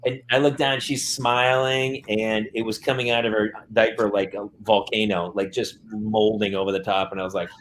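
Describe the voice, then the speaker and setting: A middle-aged podcast host with a fairly low voice tells stories in casual chat at a moderate pace, barely pausing. He's an animated storyteller who acts out quotes and laughs often. There's a little hiss or hum on the recording.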